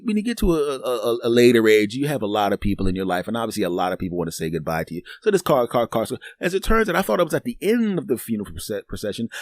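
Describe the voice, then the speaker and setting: A middle-aged podcast host delivers a casual storytelling monologue, rambling loosely, repeating words, and playing both sides of conversations. His voice is fairly low, recorded in a clean studio with no room sound.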